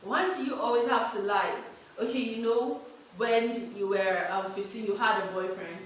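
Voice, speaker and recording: A woman gives frank parenting advice in an animated storytelling vlog. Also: medium pitch, normal speed, slight background noise. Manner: animated, frank, laughs while telling stories. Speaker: vlogger giving parenting advice. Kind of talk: candid storytelling and advice monologue. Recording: very echoey room, mic at a distance.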